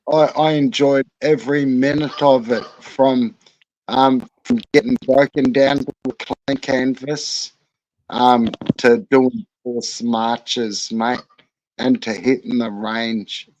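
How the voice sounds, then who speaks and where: A man's voice: medium pitch, steady tone, slow, a little mellow. A man, an army veteran guest in a casual chat, joking crudely. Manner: jokey, crude humour. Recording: dull lo-fi sound.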